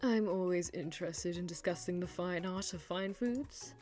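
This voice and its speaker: Woman doing a calm, courteous old colonel. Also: fairly low pitch, moderate pace, natural voice. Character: polite, composed older male colonel. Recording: faint music behind.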